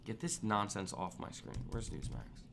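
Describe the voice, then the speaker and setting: A man's voice: lowish voice, sing-song, normal speed, vocal fry, background noise. A man hosting a live trading stream, ranting bluntly and with exasperation at viewers' poor trades. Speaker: trading livestream host.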